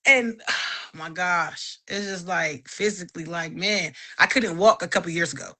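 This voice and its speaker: A woman in casual chat, animated and laughing often, giving an emphatic faith-filled testimony with lots of repetition. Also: on the low side, normal speed.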